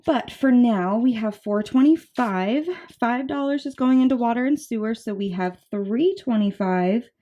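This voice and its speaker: Chatting casually to camera, a twenty-something woman shares budgeting tips in a warm, slightly high voice. Her pace is moderate with few pauses, and she's talkative and bubbly, slightly out of breath, with lots of fillers and asides.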